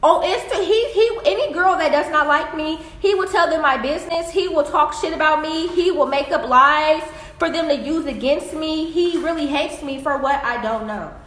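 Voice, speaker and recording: A woman's voice: sits high, moderate pace, few pauses. Young woman vlogger, blunt and profane, phone recording in an echoey room. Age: young adult. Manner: blunt, profane, animated retelling. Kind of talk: casual storytelling vlog.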